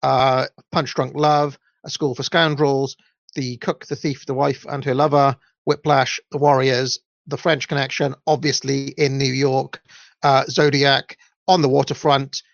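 A young man with a Welsh accent, hosting a podcast, talks through listener comments at an unhurried pace in a level, creaky tone. He rambles and uses many ums and uhs. The recording is dry, dull and low-fidelity.

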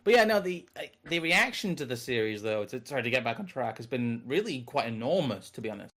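A man's voice: medium pitch, big pitch swings, brisk, fairly bright tone. A man chatting casually as a podcast host, rambling through tangents, correcting himself and laughing easily. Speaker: podcast host behind a history series. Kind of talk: casual chat.

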